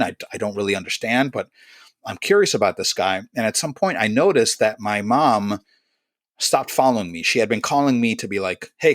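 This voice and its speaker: A man's voice: fairly low pitch, dry recording, studio quality. A man in his fifties, originally from Chile, a musician guest in an interview who tells his memories reflectively and in vivid detail. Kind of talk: conversational interview storytelling.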